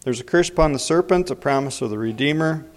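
A man giving Bible teaching in an unhurried way, pausing often with fillers. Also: mid-range voice. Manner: unhurried, frequent pauses and fillers. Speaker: preacher. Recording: long hall reverb.

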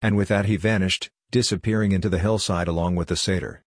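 A man's voice: deep voice, fairly even intonation, quick pace, no echo, clean studio sound. A man narrating a scripted storybook in a plain, lightly humorous way.

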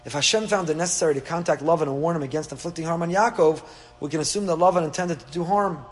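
A man's voice: on the high side, fast talker. A man teaching a Torah class, asking rhetorical questions and dropping dry asides. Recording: echoey hall with faint hum.

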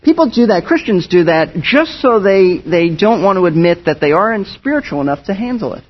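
A man's voice: high-pitched, very animated, fairly quick. A man preaching a sermon as pastor, earnest and emphatic, often restarting his phrases. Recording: dull lo-fi sound.

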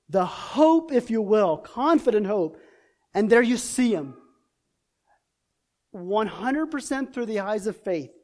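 A man's voice: sits high, darkish tone. A man preaching a sermon in an impassioned way, building through repeated rhetorical questions.

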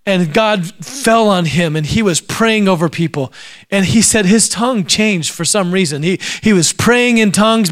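A man's voice: sits high, fairly bright tone. A man preaching a sermon, telling stories and acting out the people in them. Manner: acts out quoted voices while telling stories. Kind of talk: sermon storytelling.

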